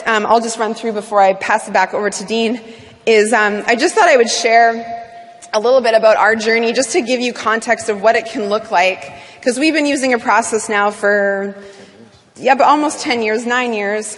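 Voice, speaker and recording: A woman from Canada giving a talk to an audience, animated and full of fillers. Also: a little high. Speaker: business speaker. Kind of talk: speech to an audience. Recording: long hall reverb.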